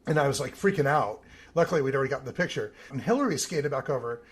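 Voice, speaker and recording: A man, an Olympic team photographer, telling lively stories in a podcast interview and acting out the voices of the people he quotes. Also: mid-range voice, quick pace, breathy edge. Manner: animated storyteller, acts out quoted voices.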